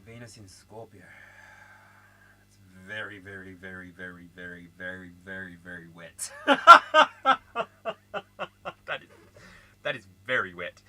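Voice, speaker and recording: An Australian man giving a casual tarot reading, chatty and animated, with frequent laughter and asides. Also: low-pitched, measured pace, long pauses, poor audio. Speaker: tarot reader.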